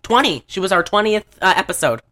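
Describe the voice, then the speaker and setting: Brief: woman podcast co-host, casual rambling chat, bright tone, giggly delivery. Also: medium pitch, sing-song, quick pace, slight background noise.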